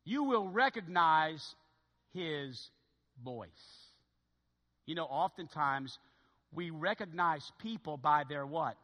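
Male pastor, animated sermon, bright voice, wide swinging pitch. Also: slow pace, pauses often, big-room sound. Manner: animated preaching, swinging from loud to hushed. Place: church sanctuary.

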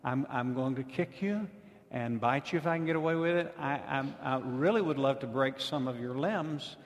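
A man's voice: mid-range voice, normal speed, lightly acted. A man playing a huge male football lineman who threatens in a friendly tone. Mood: mock friendly. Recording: long hall reverb.

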